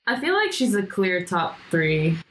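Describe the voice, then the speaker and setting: A woman's voice: medium pitch, big pitch swings, a little slow, fairly bright tone. A young woman co-hosting a podcast in casual chat, blunt and laughing, swearing offhandedly. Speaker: podcast co-host.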